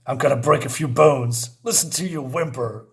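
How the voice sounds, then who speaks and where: A man's voice: mid-range voice, moderate pace, gravelly, a bit bright. A man reading a grim, menacing male vigilante's lines in a clipped, threatening way.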